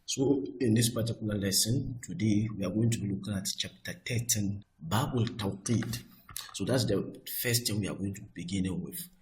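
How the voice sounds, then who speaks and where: Deep-voiced man teaching grammar patiently. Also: a little mellow. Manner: patient, repeats points and checks understanding; slows down for Arabic quotations. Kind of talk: recorded online lesson.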